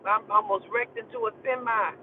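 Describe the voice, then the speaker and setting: Brief: high-voiced man ranting on a phone-quality stream, lively and foul-mouthed, faint car hum behind. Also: moderate pace. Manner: animated, profane, exclaiming storyteller. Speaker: live streamer. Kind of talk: casual live-stream storytelling. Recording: tinny phone audio with faint vehicle noise.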